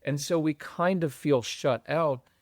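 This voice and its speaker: A middle-aged man guesting on a podcast about parenting, who talks in an animated, conversational way and acts out what other people say. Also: unhurried, no echo, studio quality. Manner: animated, acts out quoted voices with jumps in pitch. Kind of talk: conversational interview.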